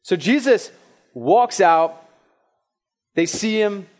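A young man preaching a sermon in a casual, storytelling way, acting out quick asides and questions. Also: sits high, expressive. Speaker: pastor.

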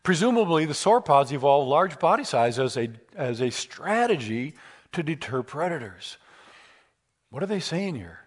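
A man giving a lecture with slides at a seminar, animated and telling humorous stories. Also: fairly high pitch, normal speed. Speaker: speaker at a seminar.

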